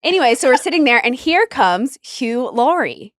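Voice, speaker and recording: Bubbly higher-voiced woman, dry sound. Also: normal speed, no echo. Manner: animated storyteller with laughs and gasps. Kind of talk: casual chat.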